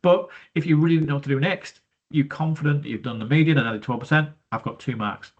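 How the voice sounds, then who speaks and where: A maths teacher talks through a worked exam question step by step, chatty and thinking aloud as he goes. His voice is husky, slightly breathy, fairly high and quick, and he sounds stuffy from hay fever, breathing through his mouth. The recording is dull and lo-fi.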